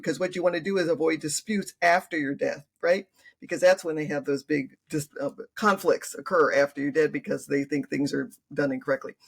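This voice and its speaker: A woman's voice: low voice, creaky, slightly rough. An older woman, a grandmother, talking earnestly as an interview guest and acting out what her family says. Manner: earnest, acts out family quotes. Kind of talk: conversational interview.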